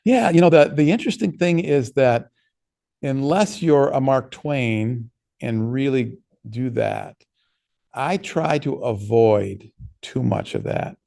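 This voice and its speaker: Gravelly-voiced man giving a workshop talk. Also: medium pitch, warm tone. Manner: conversational storytelling, quick with frequent restarts. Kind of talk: casual lecture answering questions.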